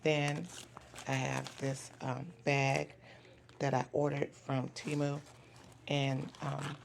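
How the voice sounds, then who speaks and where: Hoarse, gruff-voiced woman crafter. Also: rumbling low, completely flat delivery, slight background noise. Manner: unhurried, many "um" fillers. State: hoarse, voice not yet recovered. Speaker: craft seller and vlogger. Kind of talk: casual show-and-tell.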